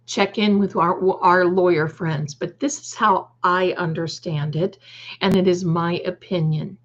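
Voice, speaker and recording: A woman's voice: lowish voice, steady tone, measured pace, highs cut off. A woman hosting a casual livestream, reading the chat aloud, calling her viewers darling and adding snarky, opinionated asides. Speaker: livestream host.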